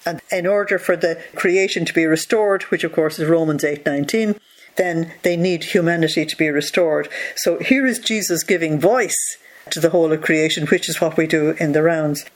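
A teacher reading a devotional text aloud, slowing down on key phrases and stopping to explain them with rhetorical questions. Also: medium pitch, fairly even intonation. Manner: reads passages slowly, then explains with rhetorical asides.

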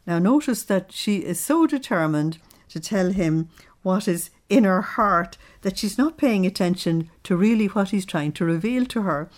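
A woman reading a devotional diary aloud and pausing to comment on it, earnest and reflective. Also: mid-range voice, lively intonation. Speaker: religious teacher.

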